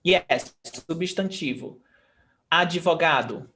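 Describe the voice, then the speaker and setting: A man's voice: on the high side, takes it slowly, pushed and bright. A man from Brazil teaching a Portuguese lesson, patiently repeating each word for his students. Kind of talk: language lesson explaining grammar.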